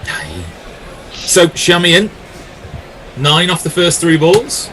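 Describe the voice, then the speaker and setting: A man giving live ball-by-ball cricket commentary, with lively calls and jokey banter with his co-commentator. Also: high voice, slow pace, noisy background.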